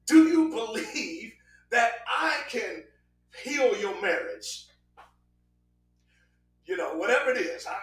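A man preaches with a high, ringing voice and animated delivery, breaking into sudden shouts and rushing through quick asides. He sounds a little off-mic, and the room echoes around him. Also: far from the mic. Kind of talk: sermon.

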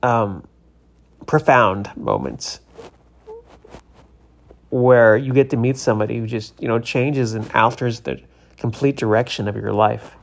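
A man's voice: medium pitch, unhurried, gravelly, pauses often. A tired man casually telling a story to his vlog audience, rambling with many fillers and restarts. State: tired, yawning.

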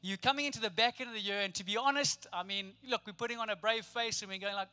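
Man, South African accent, pastor preaching a sermon, high voice, storytelling, humorous. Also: fast, hardly any pauses, bright, forceful tone, smooth. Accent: South African English. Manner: storytelling, humorous, playful asides to the congregation.

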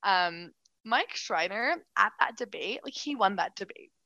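A woman co-hosting a casual political chat, animated and quick, full of restarts and "like". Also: mid-range voice, gravelly, no echo, lo-fi sound. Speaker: political commentator, co-host.

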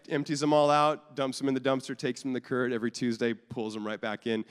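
Pastor, thirties, male, chatty sermon with restarts and jokes, mid-pitched voice, long reverb of a church hall. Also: little pitch movement, fast talker, few pauses, clear, resonant tone. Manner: conversational, jokey, repeats and restarts often. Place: church sanctuary.

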